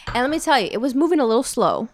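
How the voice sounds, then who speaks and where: A woman's voice: high-pitched, very animated, racing, a little hiss or hum. A young woman in casual chat, playful and teasing as she argues her point.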